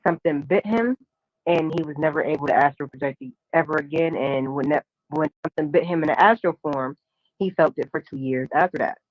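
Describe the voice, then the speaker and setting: A woman casually telling a long personal spiritual story, animated, full of slang and acted-out dialogue. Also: low-pitched, a little fast, dry recording, low-quality recording.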